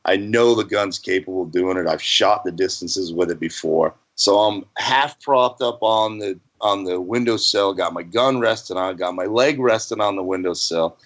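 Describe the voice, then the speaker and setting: Man, fairly low voice, rambling folksy storyteller. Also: moderate pace, few pauses, a bit bright, highs cut off. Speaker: hunting guest. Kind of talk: casual storytelling.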